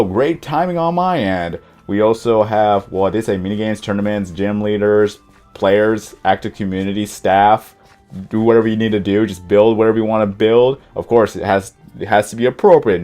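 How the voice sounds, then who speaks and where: A man's voice: on the low side, darkish tone. A man hosting a casual let's-play, chatting to viewers as he explores, often stumbling over his words. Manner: chatty, addresses viewers directly. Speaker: gaming channel host.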